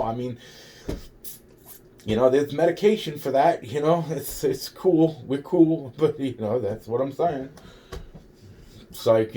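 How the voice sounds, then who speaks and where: A man's voice: medium pitch, warm tone, slight background noise. A man rambling through a personal story in a vlog, swearing heavily, repeating himself and acting out quoted dialogue. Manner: rambling, profane, many restarts and quoted dialogue. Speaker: vlogger telling a personal story.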